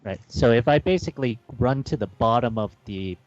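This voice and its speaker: A man's voice: medium pitch, animated, a little fast, muffled recording, over music. A man playing an online tabletop game who asks careful tactical questions about the map. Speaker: player.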